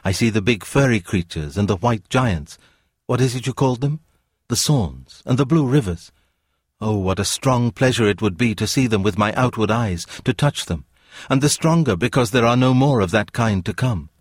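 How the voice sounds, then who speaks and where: A man voicing a serene, wise young woman from another world in a read-aloud story, speaking calmly and earnestly. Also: mid-range voice, moderate pace, breathy edge, dry recording, studio quality.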